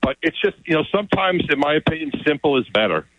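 A man telling an excited story as a guest, often repeating his words. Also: on the high side, fast, no echo. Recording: dull, lo-fi sound.

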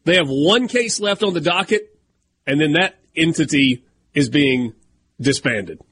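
A man's voice: on the high side, lively intonation, a little slow, fairly bright tone, husky. Southern man hosting sports talk radio. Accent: Southern American. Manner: reads documents aloud, then riffs conversationally.

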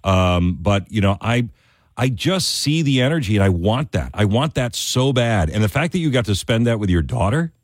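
A man's voice: fairly low pitch, sing-song, normal speed, no room sound, clean studio sound. A man hosting a call-in radio talk show, chatting in a friendly way with callers. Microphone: studio microphone.

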